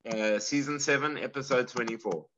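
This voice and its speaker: A man's voice: medium pitch, fairly quick, highs cut off, background noise. A man with a South African accent, a guest on a video-call interview, talking casually and self-deprecatingly with many fillers. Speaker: knifemaker guest.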